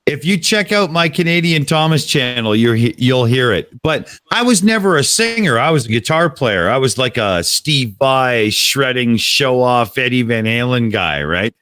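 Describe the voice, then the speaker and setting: A man's voice: medium pitch, expressive, a bit bright. A man hosting a casual live stream, upbeat and jokey, chatting about his music days. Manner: upbeat, jokey, quick to laugh.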